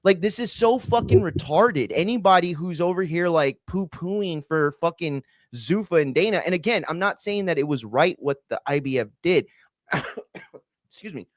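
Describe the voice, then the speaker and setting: Delivering a casual opinion rant at normal speed, this combat sports show host sounds a little high and lively in intonation. He rambles, swears heatedly, and leans on fillers, recorded without echo.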